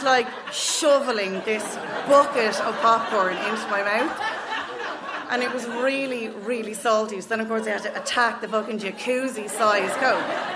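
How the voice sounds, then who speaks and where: A woman in her thirties with an Irish accent, telling a funny story at a live open mic night, frank and swearing freely. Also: mid-range voice. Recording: noisy live venue recording.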